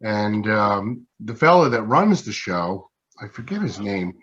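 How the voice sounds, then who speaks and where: A man's voice: lowish voice, very animated, unhurried, a bit bright, highs cut off, a little hiss or hum. A man as an interview guest and pen maker, telling anecdotes in a casual, self-deprecating way and acting out what others said. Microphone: video call.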